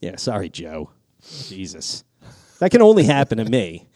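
Man, podcast storyteller, swears a lot, lively pitch, dry close sound. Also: moderate pace, no room sound. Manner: animated, swears a lot, voice jumps high when excited. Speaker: podcast co-host. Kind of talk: casual chat, storytelling.

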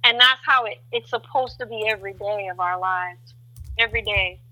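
A woman guest on a faith talk show, telling testimony as an animated storyteller who acts out voices with big jumps in pitch. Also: normal speed, poor audio.

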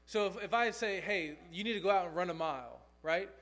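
A man's voice: high voice, fairly quick, fairly bright tone. A man pastor preaching a sermon, earnest and emphatic, repeating key phrases for stress.

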